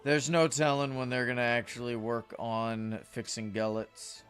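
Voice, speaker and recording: A man's voice: mid-range voice, flat delivery, unhurried, a bit bright, faint music behind. A man chatting casually with viewers while livestreaming a game, rambling and greeting chat. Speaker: streamer.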